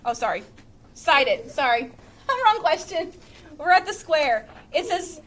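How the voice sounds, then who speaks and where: High-voiced woman teacher reading aloud. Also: unhurried, a little hiss or hum. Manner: steady storytelling, chatty asides to students.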